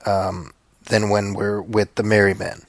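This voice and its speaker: A man's voice: fairly low pitch, monotone, unhurried, dry recording. A man co-hosting a podcast film commentary in a casual, joking way, often stumbling over repeated words as he thinks aloud. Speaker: podcast co-host.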